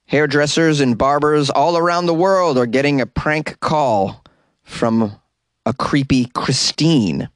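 A man's voice: medium pitch, measured pace, no echo. A man hosting a podcast, casually reading odd news stories and stumbling over hard words. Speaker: podcast host.

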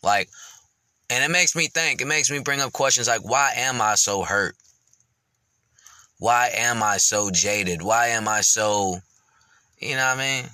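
A man's voice: medium pitch, a little slow, pauses often, pushed and bright, clear, resonant tone, no echo. A man hosting his podcast, speaking candidly and reflectively, rambling with lots of fillers and casual swearing. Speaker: podcast host.

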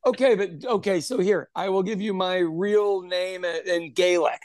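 A man's voice: high voice, normal speed, a little mellow, no room sound. A man co-hosting a podcast in casual chat, rambling and repeating words, laughing often. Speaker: podcast co-host.

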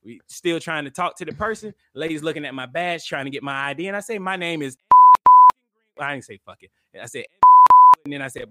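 Animated, profane male podcast storyteller. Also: a little high, a little fast, no echo, studio quality. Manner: animated, profane, acts out quotes loudly. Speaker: podcast co-host. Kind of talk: casual storytelling chat.

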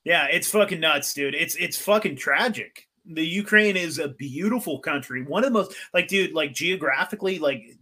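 A man's voice: fairly high pitch, normal speed, few pauses. A young man in casual podcast chat, swearing freely and laughing as he talks. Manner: profane, laughing, excitable. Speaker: podcast co-host or guest.

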